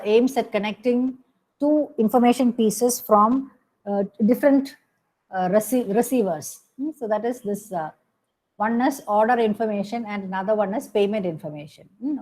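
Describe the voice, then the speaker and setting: Woman lecturing with halting fillers. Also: on the high side, a little mellow, rough recording. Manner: explains step by step, frequent "okay" and "hmm" fillers, self-corrections. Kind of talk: recorded classroom lecture.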